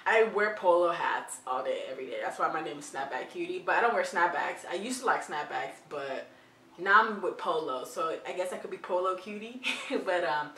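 A woman's voice: lowish voice, lively intonation, normal speed, pushed and bright, a little hiss or hum. A young woman vlogger chatting playfully through tag questions, with giggly asides. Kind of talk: casual chat answering tag questions. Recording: roomy, distant from the mic.

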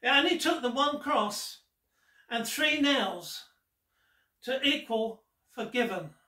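Man voicing Jesus in a storytelling sermon; gentle, slow, earnest, roomy distant sound. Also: very high-pitched, animated, exaggerated voice. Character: gentle male Jesus speaking kindly. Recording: roomy echo, distant mic.

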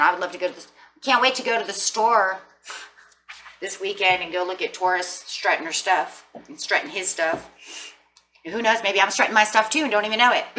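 A woman's voice: lowish voice, pushed and bright, distant mic, a little hiss or hum. A middle-aged woman giving a casual tarot reading in a playful, sassy, chatty way. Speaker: tarot reader.

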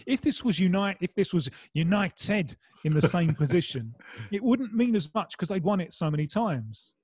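A man's voice: sits high, lively intonation, normal speed, darkish tone, slightly rough, no room sound. A man with a Mancunian accent, a guest in a casual football chat, rambling with restarts and wry humour. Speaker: guest pundit. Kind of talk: casual discussion.

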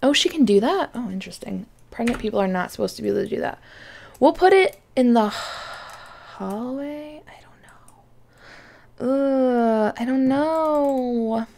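A young woman casually chatting over her game as a YouTuber, excitable and often dropping to a whisper. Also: on the high side, unhurried, gravelly. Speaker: gaming YouTuber. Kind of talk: casual let's-play commentary.

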